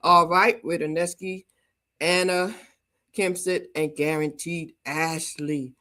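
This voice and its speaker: A woman's voice: lowish voice, steady tone, slow, sharp tone. A woman hosting a livestream talk show, energetically greeting viewers and hyping the audience. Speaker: host.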